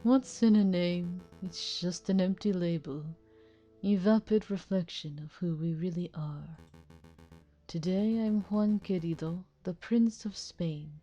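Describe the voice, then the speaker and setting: A woman voicing a smooth, mysterious male fox con man who speaks in a suave, evasive, theatrical way. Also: on the low side, a little slow, dark tone, muffled recording, faint music behind, natural voice.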